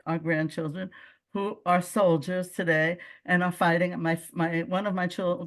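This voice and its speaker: An older woman from the United States with a Brooklyn accent, telling personal stories as a guest speaker with lively asides and frequent self-corrections. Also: on the low side. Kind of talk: personal storytelling talk.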